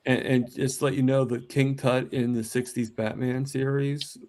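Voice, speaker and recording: A man talks casually on a livestream, stammering over his words and cracking jokes. His voice is gravelly with a lot of fry. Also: mid-range voice, little pitch movement, normal speed, darkish tone. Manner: talkative, stammering, jokey. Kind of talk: casual live-stream chat.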